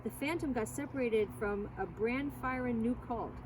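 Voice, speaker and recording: A woman reading aloud, voicing a hoarse old grandfather who talks in folksy country dialect. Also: fairly high pitch, normal speed, natural voice. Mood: calling. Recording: distant mic, loud outdoor noise.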